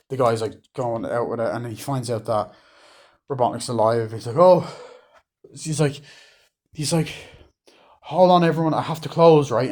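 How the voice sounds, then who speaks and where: A man's voice: medium pitch, darkish tone. A man casually reviewing a movie, rambling with lots of fillers and acting out lines from scenes.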